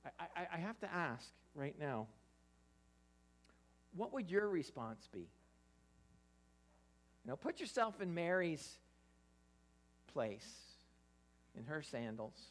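A preacher giving an interactive Bible sermon, animated, often stammering and restarting while putting questions to the listeners. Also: medium pitch, slow pace, pauses often. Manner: animated, quizzes the audience.

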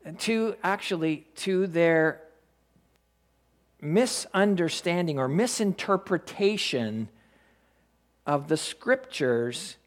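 Slow, high-voiced male preacher. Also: animated. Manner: storytelling, conversational with fillers. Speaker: pastor. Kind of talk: sermon.

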